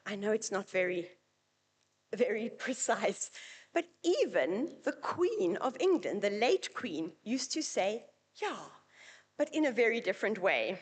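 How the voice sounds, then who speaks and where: A woman's voice: medium pitch, very animated, a little slow, slightly rough. A South African woman with a South African accent, giving a chatty, anecdotal conference presentation at a university event. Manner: chatty, anecdotal, lightly humorous.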